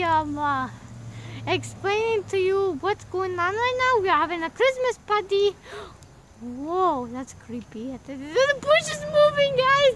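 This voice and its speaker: A woman voicing an excitable male plush Luigi, quickly spooked, in a homemade outdoor plush video. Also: very high voice, background noise.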